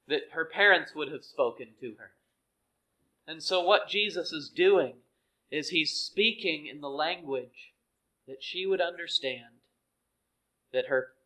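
A man preaching a sermon, earnest and measured, dropping to soft, hushed phrases for emphasis. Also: on the high side, rough recording. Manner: slow, earnest, with dramatic soft drops.

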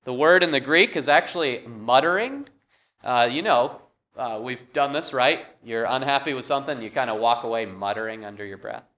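A man's voice: medium pitch, normal speed, muffled recording. A man preaching a sermon as pastor, talking in a conversational way with frequent "uh" fillers.

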